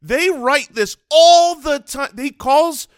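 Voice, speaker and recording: A man co-hosting a comedy podcast, trading jokes in casual banter with quick asides. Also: extremely high pitch, no echo, clean studio sound. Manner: animated, joking, quick asides. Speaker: podcast co-host.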